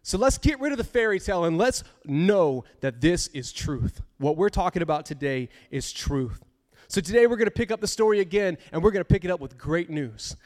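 A man preaching a sermon as a pastor, animated and conversational, repeating key phrases for emphasis. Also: a little high.

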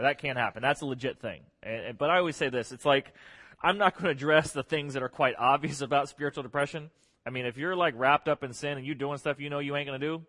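A man's voice: on the high side, a bit bright. A man preaching a casual, joking sermon as a pastor, acting out the voices of churchgoers. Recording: long hall reverb.

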